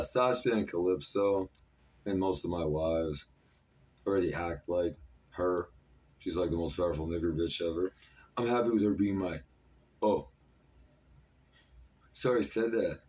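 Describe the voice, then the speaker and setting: A man's voice: low voice, a little mellow. A man in his thirties talking in a disjointed, jumpy stream with many fillers, in a rambling monologue to camera. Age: 30s. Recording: voice a bit far from the mic.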